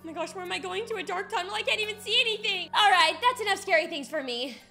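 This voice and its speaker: A young woman hosting a game video, giving excited commentary with squeals and gasps as she plays. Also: extremely high pitch, fast, gravelly. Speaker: gaming video host. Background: background music.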